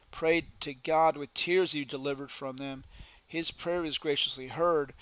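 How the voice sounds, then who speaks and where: A man giving a solemn, deliberate devotional reading aloud. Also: fairly high pitch, pushed and bright, dry recording, low-quality recording. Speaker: reader.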